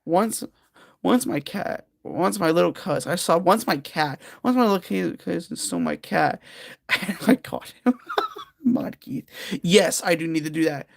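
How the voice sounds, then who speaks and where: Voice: medium pitch, normal speed, creaky, no room sound, studio quality. A livestream host chatting casually with viewers while doing a jigsaw puzzle, rambling and giggling.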